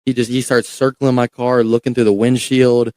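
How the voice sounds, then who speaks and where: A young man, a podcast guest, telling a story in a casual, animated way, swearing and repeating words as he goes. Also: mid-range voice, moderate pace, no room sound.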